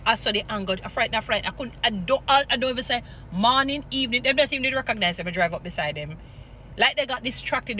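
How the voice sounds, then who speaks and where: A Jamaican woman holds forth like a street preacher, her bright, forceful voice swinging between scolding and Bible storytelling in a mix of patois and English. Faint traffic hums outdoors behind her. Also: fairly high pitch. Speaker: vlogger. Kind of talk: impassioned commentary with Bible stories.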